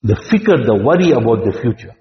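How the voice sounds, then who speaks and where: A man giving an Islamic sermon, talking in a measured way and often checking in with the listeners with "hmm?" and rhetorical questions. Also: medium pitch, big pitch swings, a little hiss or hum. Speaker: Islamic preacher. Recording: dull lo-fi recording in a reverberant hall.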